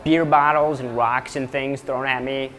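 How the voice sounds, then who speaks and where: A man's voice: mid-range voice, steady tone, unhurried, fairly bright tone. A man and moped club member speaking in a casual interview, conversational and explaining.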